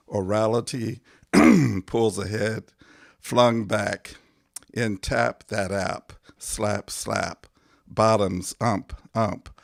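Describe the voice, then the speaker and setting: A man, a poet, reading his own poems aloud in a measured, deliberate way, pausing between phrases, his voice going hoarse. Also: fairly low pitch, no room sound, studio quality. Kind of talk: poetry reading.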